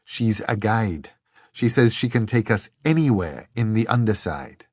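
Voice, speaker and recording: A man's voice: lowish voice, animated, a little slow, a little mellow, slightly rough, no room sound, studio quality. A man voicing an earnest, slightly hesitant young man.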